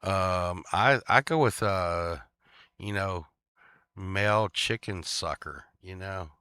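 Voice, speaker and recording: A man with a lowish, bright, smooth voice rambles through stories at an unhurried pace. He stops and restarts often, fills gaps with ums, and laughs at his own jokes. The sound is close and dry. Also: no room sound. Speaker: vlogger. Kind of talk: casual rambling chat.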